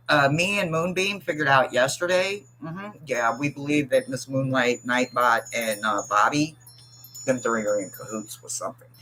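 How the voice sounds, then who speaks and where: Reading out the chat on a livestream, a tarot reader teases viewers, chats loosely, and laughs a lot. The voice is mid-range with a sharp tone, and the recording is rough.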